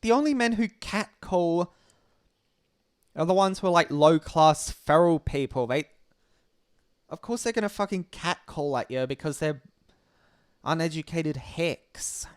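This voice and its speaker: Smooth-voiced man hosting a livestream. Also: a little high, expressive, no echo, studio quality. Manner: blunt, sardonic, swears casually; halting, with frequent restarts. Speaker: livestream host. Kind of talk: casual livestream commentary.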